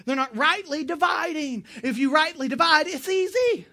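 A woman preaching a sermon in a lively, emphatic way, with joking asides and sudden bursts of loud emphasis. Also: high-pitched, normal speed.

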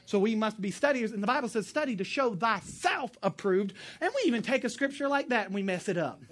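A woman preaching a sermon in a lively, emphatic way, with joking asides and sudden bursts of loud emphasis. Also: a little high, fast talker.

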